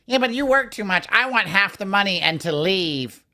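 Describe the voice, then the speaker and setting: A man's voice: high-pitched, expressive, moderate pace, pushed and bright, heavily acted. A man mimicking a nagging wife who wants half the money, in a whiny, mocking voice. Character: nagging greedy wife, adult woman.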